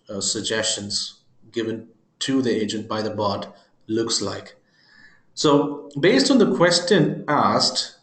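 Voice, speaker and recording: A man giving a screen-recorded software demo, talking his viewers through it with joking, chuckling asides. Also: mid-range voice, echoey room. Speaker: software presenter.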